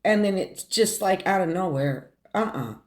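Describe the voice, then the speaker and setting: Middle-aged lady telling a sad story to her viewers, teary, keeps restarting her sentences. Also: mid-range voice. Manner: tearful, halting, repeats words while holding back tears. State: fighting tears. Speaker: vlogger. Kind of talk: emotional story time.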